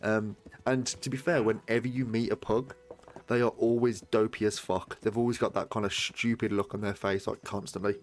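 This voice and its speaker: A man's voice: fairly low pitch, flat delivery, moderate pace. A man chatting while he streams a game, rambling from topic to topic and swearing freely. His voice sits mid-range on a desk mic at home, with faint game music underneath. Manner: rambling, sweary, laughs easily. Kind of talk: casual live-stream chat.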